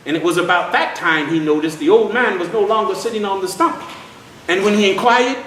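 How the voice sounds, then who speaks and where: Heard from afar in a room full of echo, a storyteller at a historic site event tells history and a folk tale to a live audience. His voice is high-pitched and a bit bright, fairly quick, and folksy as he calls everyone y'all.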